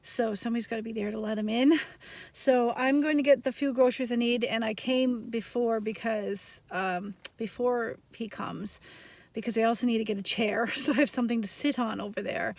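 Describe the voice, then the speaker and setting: A woman's voice: on the high side, fairly even intonation, moderate pace, gravelly, echoey room. A woman vlogging about her day in a casual, rambling way, often laughing. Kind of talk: casual vlog narration. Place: home kitchen.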